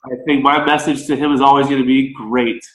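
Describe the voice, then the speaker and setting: A man with an American accent, a baseball coach, talking through his ideas in a relaxed, conversational way as a podcast guest. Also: mid-range voice, quick pace, echoey room, rough recording. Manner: relaxed, conversational, thinking aloud. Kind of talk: podcast interview.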